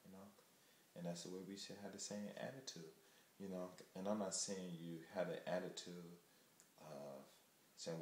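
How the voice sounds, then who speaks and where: A man's voice: deep voice, fairly even intonation, normal speed, darkish tone, roomy sound, a little hiss or hum. A man from the United States talking casually and candidly to the camera, rambling and emphatic. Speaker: vlogger. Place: Japan.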